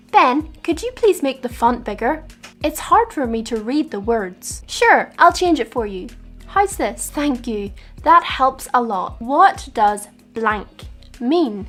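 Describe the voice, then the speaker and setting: A woman with a slightly high voice teaches English phrases in a clear, patient way. She acts out the example dialogues herself, and soft music plays underneath. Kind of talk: scripted lesson narration. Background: soft background music.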